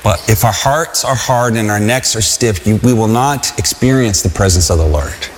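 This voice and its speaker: A man's voice: lowish voice, moderate pace, in a large hall, slight background noise. A pastor preaching a sermon to a congregation in a loose, conversational way, often restarting his sentences.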